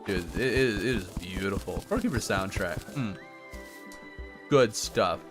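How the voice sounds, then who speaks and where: Lively American man streaming a game. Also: on the low side, a little slow. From United States. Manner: joking banter, reading chat aloud. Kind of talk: casual gaming livestream chat. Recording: music playing underneath.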